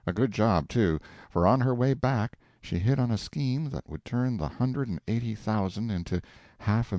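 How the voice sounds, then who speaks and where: A man reading a classic short story aloud as an audiobook narrator, in measured storytelling. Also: sits low, mellow, no echo. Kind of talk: scripted narration.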